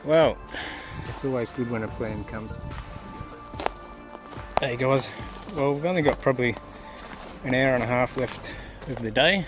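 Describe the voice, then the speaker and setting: A relaxed Australian man talks casually to the camera outdoors, his voice sitting at an ordinary middle pitch. He sounds hot and worn out but stays chatty and keen, with faint music playing underneath. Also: moderate pace, long pauses. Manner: relaxed, enthusiastic, chatty, tells jokes. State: hot and tired. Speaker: gold prospecting vlogger. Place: outdoors in the bush goldfields.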